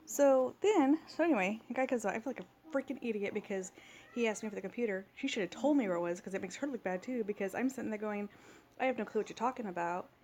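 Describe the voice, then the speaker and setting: A woman in her thirties vents about her day into a phone camera, exasperated and talking in a rush of asides. Her voice sits at an ordinary middle pitch, and a faint hiss runs underneath. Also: quick pace, darkish tone. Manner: exasperated, ranting, acts out quoted dialogue. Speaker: vlogger. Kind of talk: casual vlog storytelling.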